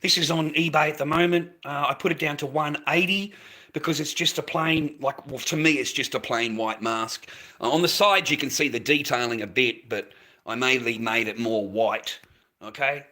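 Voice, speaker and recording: A man's voice: medium pitch, moderate pace, pushed and bright. An Australian man talking casually to camera, ranting and swearing constantly. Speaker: vlogger selling handmade masks.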